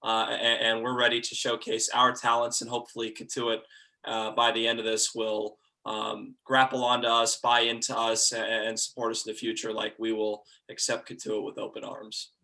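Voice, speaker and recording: A man's voice: medium pitch, monotone, moderate pace, creaky, pushed and bright. A young man from Georgia, a college sports broadcaster, talking earnestly and playfully in a casual interview. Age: young adult.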